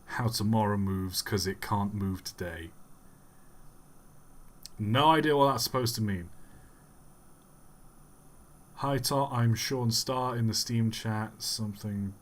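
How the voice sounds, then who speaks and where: Slow, wry, rambling male streamer. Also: lowish voice. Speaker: live streamer. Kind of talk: casual live-stream commentary.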